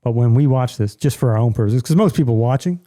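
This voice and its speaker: A man's voice: mid-range voice, animated, quick pace, dark tone. A middle-aged man hosting a casual podcast from home, blunt and ranting, with a joking streak. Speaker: podcast host.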